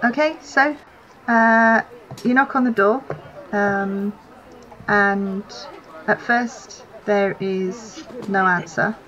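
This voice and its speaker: A woman narrating a tabletop game as game master, in an unhurried way with many fillers, on a dull lo-fi recording. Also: mid-range voice, a bit bright.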